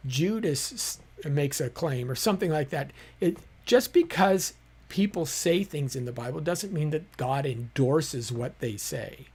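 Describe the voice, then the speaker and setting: A man hosts a live-streamed teaching talk and explains his points patiently. He speaks conversationally and often pauses on small fillers. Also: on the high side, slightly rough. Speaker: apologetics teacher hosting a live show.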